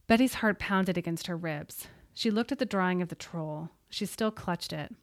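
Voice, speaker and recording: A woman's voice: lowish voice, moderate pace, no room sound, studio quality. Woman narrating a suspenseful story. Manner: steady, suspenseful reading. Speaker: audiobook narrator. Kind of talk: scripted narration.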